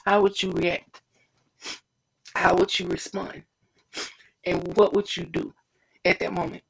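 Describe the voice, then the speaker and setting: Casual devotional preacher, rough husky voice, fervent and repetitive, addresses the listener directly. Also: mid-range voice, little pitch movement, slow, low-quality recording. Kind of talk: informal devotional sermon.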